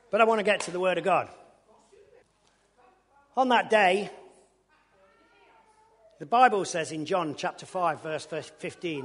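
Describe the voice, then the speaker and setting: A man preaching his testimony in a colloquial storytelling way, with bursts of loud enthusiasm. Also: on the high side, big-room sound. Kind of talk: testimony sermon.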